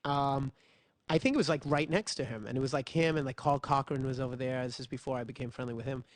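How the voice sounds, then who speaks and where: A man's voice: mid-range voice, fast talker, dry recording. A man hosting a talk show, telling stories animatedly and acting out what others said. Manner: animated storyteller, acts out other people's voices. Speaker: podcast host. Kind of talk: casual storytelling chat.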